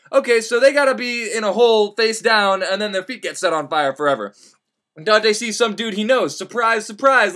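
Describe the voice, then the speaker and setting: A young man rants through a comic retelling of a classic poem, swearing constantly and breaking into shouted outbursts. His voice sits high and comes across bright and forceful. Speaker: comedic storyteller. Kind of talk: profane comedic retelling.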